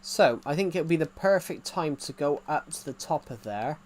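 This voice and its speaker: A man's voice: on the high side, lively intonation, normal speed. A man casually chatting while streaming a game, rambling and reacting to viewers' comments. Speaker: gaming streamer.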